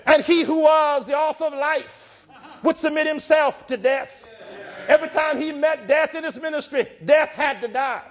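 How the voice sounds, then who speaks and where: A man with a very high voice preaches in a church. He speaks in rhythmic, repeated phrases and climbs from low, thoughtful passages to full shouts. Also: moderate pace, dull audio, some chatter behind. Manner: rhythmic, building to shouted climaxes. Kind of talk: sermon.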